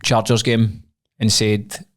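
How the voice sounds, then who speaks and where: A man's voice: lowish voice, flat delivery, slow. A young Scottish man co-hosting a podcast, chatting casually, rambling and swearing freely. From Scotland. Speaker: podcast co-host. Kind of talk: casual chat.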